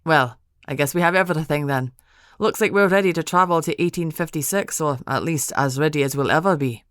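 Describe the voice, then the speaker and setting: A woman voicing an eager, playful young American woman who talks in a bright, lively way. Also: low voice, fairly quick, no room sound, studio quality.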